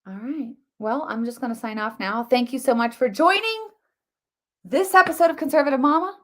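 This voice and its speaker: On her political commentary livestream, this middle-aged woman talks a little fast in a high-pitched voice. She's casual and animated, rambles, restarts her sentences a lot, leans on fillers, and refers to viewers as "guys."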